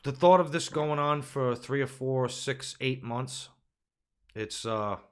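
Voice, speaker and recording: Male host, mid-pitched, ranting and profane, fires off rhetorical questions. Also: takes it slowly, clean tone. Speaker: podcast host. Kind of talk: casual political podcast rant.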